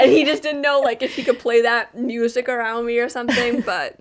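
A woman's voice: on the high side, steady tone, a little fast. A young woman co-hosting a casual podcast, telling rambling stories full of fillers and restarts. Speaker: podcast co-host. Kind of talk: casual chat.

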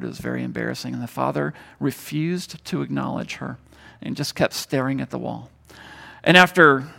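A man preaching a sermon, telling a story and moving between loud emphasis and hushed tones. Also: mid-range voice, gravelly. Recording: long hall reverb.

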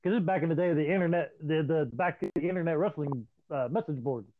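A man casually swapping profane stories in an animated, storytelling way. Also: a little high, fast, no echo. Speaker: podcast host. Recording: dry, tinny phone-like line.

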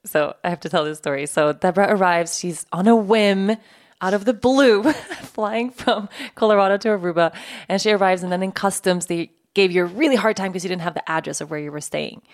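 A woman's voice: mid-range voice, fairly quick. A woman hosting a podcast in casual chat. She laughs easily and swears now and then. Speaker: podcast host.

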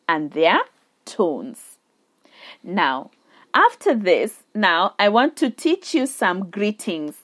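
Very slow, patient woman teacher. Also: a little high. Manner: slow and deliberate, drawing out vowels and tones for demonstration. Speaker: Mandarin language teacher. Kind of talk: slow spoken language lesson.

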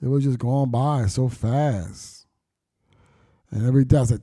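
A man's voice: mid-range voice, moderate pace, long pauses, warm tone, no room sound, clean studio sound. A middle-aged man telling his life story candidly, blunt and profane, with street slang and reflective turns. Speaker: storyteller recounting his past.

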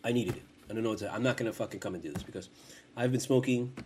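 A young man with a fairly low voice rambles through a casual podcast monologue at home. He swears constantly and starts his sentences over and over. A faint hiss of background noise runs under the recording. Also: rapid-fire. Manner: profane, rambling, frequent restarts. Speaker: podcast host.

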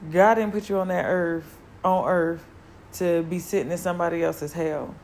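A woman's voice: on the low side, steady tone, moderate pace, a little mellow, a little hiss or hum. A woman hosting her own podcast, talking casually and earnestly, repeating key words to encourage her listeners. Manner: loose and conversational with filler words. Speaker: podcast host. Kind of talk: casual solo podcast talk.

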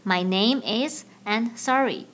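A woman hosting a language-learning podcast, teaching in a clear, slow, playful way. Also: a little high, fairly bright tone. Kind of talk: scripted language lesson.

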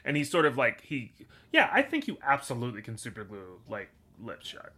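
A man's voice: mid-range voice, huge pitch swings, brisk, crowd noise. A man from Texas and Louisiana co-hosting a podcast, rambling and joking in casual chat with lots of fillers. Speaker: podcast co-host.

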